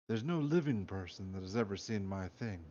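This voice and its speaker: Low deadpan voice, Russian accent, menacing commander, a man putting it on, dull recording. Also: moderate pace, close to an everyday voice. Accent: Russian (put-on).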